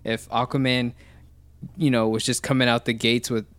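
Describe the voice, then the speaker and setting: A man's voice: medium pitch, level tone, normal speed, fairly bright tone, dry recording. A man chatting casually about a film, thoughtful and explanatory. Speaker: podcast co-host discussing a film. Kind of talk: casual chat.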